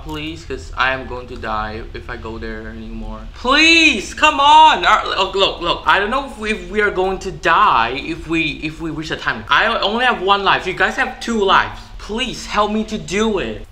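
A man giving live gameplay commentary, excitable and easily frustrated, with sudden yelps and outbursts. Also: a little high, moderate pace, hardly any pauses, slight background noise. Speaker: gaming YouTuber.

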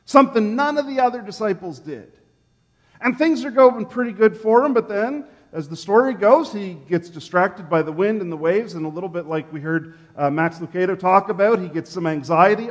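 A man pastor preaching a sermon in a church sanctuary, telling the story in an animated way and acting out the quotes. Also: sits high, normal speed, big-room sound.

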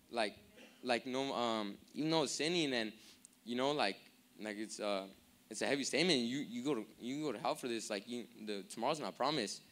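A man's voice: fairly high pitch, a bit bright. A young man preaching a sermon in a casual, rambling way, full of fillers. He asks the crowd to call words back to him.

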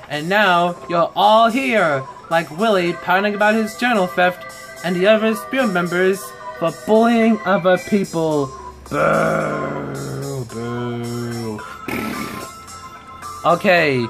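A woman voicing a calm woman teacher who runs an anger class, speaking lower in a lecturing way. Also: vocal fry. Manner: low, lecturing. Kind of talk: fan-made character voice acting.

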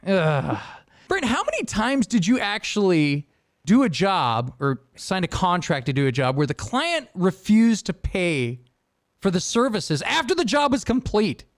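A man's voice: high voice, big pitch swings, unhurried, dry recording, studio quality. A young adult man hosting a podcast, rambling casually, laughing and acting out quotes in a raised voice. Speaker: podcast host. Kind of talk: casual chat.

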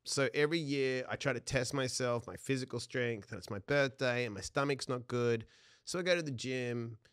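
A man's voice: mid-range voice, normal speed, clear, resonant tone, no room sound, studio quality. A man telling a personal story as a podcast guest, laughing often and acting out the dialogue. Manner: animated, laughs often mid-sentence; acts out dialogue in his stories.

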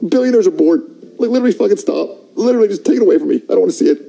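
An actor playing an excitable, fussy father who rants and worries. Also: sits high, rapid-fire, creaky. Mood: ranting. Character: concerned excitable dad.

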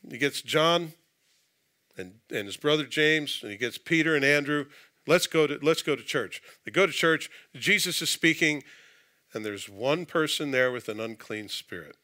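A man preaching to his congregation in a church, his voice bright and forceful. He reads scripture and then breaks into casual, joking asides. His delivery stays conversational throughout. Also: fairly high pitch, expressive, moderate pace. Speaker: pastor. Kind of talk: sermon. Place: church sanctuary.

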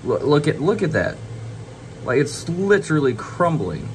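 A man's voice: on the high side, very animated, unhurried. Young male vlogger, angry venting rant, swearing, exasperated, faint air conditioning hum behind. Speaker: home grow vlogger. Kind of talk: frustrated casual vlog rant. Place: indoor grow room by a tent.

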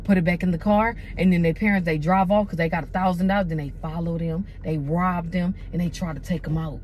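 A young woman vlogger in a parked car, talking fast and paranoid, cursing as she argues in casual prank banter. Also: fairly low pitch, steady tone, a little mellow, a little hiss or hum. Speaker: vlogger and parent.

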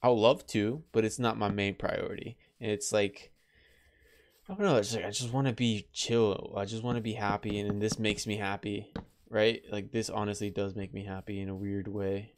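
A man commentating on his own survival game, chatty and easily startled, jumping into high yelps when danger shows up. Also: moderate pace. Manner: chatty, excitable, breaks into high-pitched yelps. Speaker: gameplay let's player. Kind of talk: casual gameplay commentary.

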